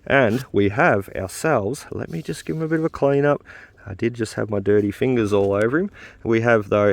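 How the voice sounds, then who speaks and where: Man, low voice, casual vlog host, outdoors. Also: normal speed, a little mellow, dry recording. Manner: chatty, laughs easily, many uh fillers. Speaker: detecting channel host. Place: outdoors in a field.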